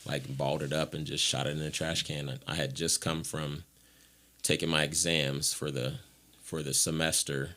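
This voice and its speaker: A man's voice: a bass voice, little pitch movement, normal speed, sharp tone. A man from Ohio telling his life story as a podcast guest, frank and rambling, acting out what others said to him. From Ohio, USA. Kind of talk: candid personal storytelling.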